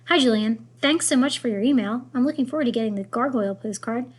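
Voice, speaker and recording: A kind, thoughtful male schoolteacher writing encouragement to a former student, calm and reflective, as read by a woman. The tone is soft and a little breathy and sits fairly high. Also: fast. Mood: gentle, encouraging. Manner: gentle, reflective letter-reading.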